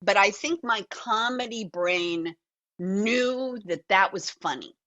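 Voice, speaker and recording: An older woman, a guest actor and author, telling animated, reflective stories in a conversational interview over a video call. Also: mid-range voice, takes it slowly, highs cut off.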